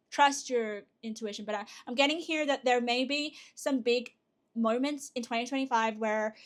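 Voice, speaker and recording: A woman giving a pick-a-card tarot reading to her viewers, chatty and excitable, with frequent fillers and restarts. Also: on the high side. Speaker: tarot reader.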